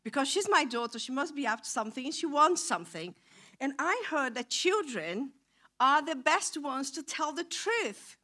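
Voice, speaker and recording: High bright Brazilian woman, slow. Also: big pitch swings. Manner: playful, coaxing. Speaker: visiting mission speaker. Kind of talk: children's talk in church. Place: church hall.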